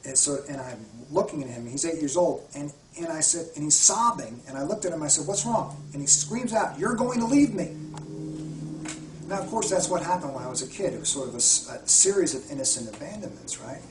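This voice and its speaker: A man's voice: a little high, lively intonation, fast, hardly any pauses, background noise. Man, spiritual healer, heartfelt interview talk, roomy sound, a bit far from the mic. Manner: earnest, heartfelt storytelling with frequent restarts. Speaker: spiritual healer and retreat guide. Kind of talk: interview conversation. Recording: echoey room, far from mic.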